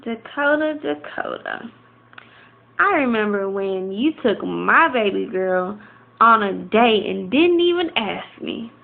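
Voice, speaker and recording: A middle-aged woman talks slowly and teasingly, with a gravelly fry in her voice. The sound is thin and tinny, like a phone line. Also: medium pitch, animated. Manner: slow, teasing, fond. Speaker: girlfriend's mother.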